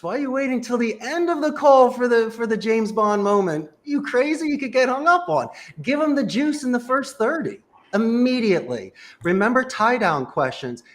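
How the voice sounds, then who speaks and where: A man with a high, lively voice that swoops up and down as he coaches. He fires off instructions and rhetorical questions with strong emphasis. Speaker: sales trainer. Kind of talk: animated coaching talk.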